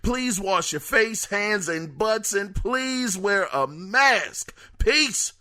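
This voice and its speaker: A man hosting a casual solo podcast, reading listener emails in an animated, joking way that trips over words. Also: high-pitched, very slow. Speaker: podcast host.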